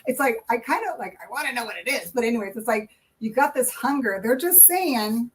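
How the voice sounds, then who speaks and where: A woman's voice: a little high, lively intonation, fairly quick, few pauses, low-quality recording. A woman giving a live tarot reading in casual, rambling chat, laughing often. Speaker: tarot reader and co-host.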